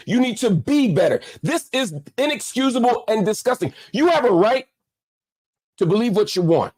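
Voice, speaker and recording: A male host in impassioned commentary, his voice sitting a little high and swinging widely in pitch. He hammers his points home by repeating phrases, like a preacher building toward a peak. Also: sing-song, darkish tone. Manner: heartfelt, slower, subdued.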